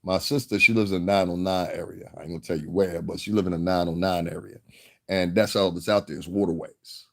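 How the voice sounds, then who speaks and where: A man's voice: low-pitched, steady tone, a little fast, creaky, fairly bright tone. A man from the Northeastern US vlogging in a casual monologue, rambling and profane and chuckling often.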